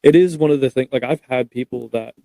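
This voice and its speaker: Mellow young man hosting a podcast. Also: medium pitch, fast, vocal fry, no room sound. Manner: relaxed, agreeable, explaining with fillers. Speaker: podcast host. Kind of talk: casual chat.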